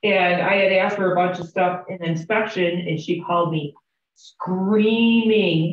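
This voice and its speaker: A woman's voice: fairly low pitch, fairly even intonation, moderate pace. A woman teaching real estate agents, chatty and candid, telling stories and asking the class questions. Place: training room with a group. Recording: roomy, distant, dull classroom recording.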